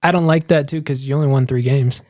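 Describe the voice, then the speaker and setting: A man co-hosting a sports podcast in casual chat, talking fast and emphatically, with frequent restarts. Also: mid-range voice, fairly even intonation, a little mellow, no echo, studio quality. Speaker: podcast co-host.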